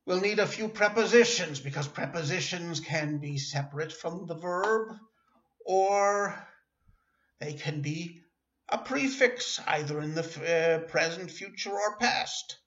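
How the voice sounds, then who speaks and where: Man, slow language lesson, patient and halting, slightly high voice, echoey room, dull lo-fi sound. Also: fairly bright tone. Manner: patient, repeats and corrects himself, hesitant fillers. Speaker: language teacher.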